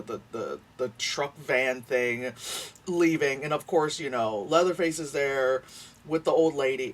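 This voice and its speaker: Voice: mid-range voice, distant mic. A movie reviewer ranting casually about a film, swearing freely and rambling through fillers and restarts.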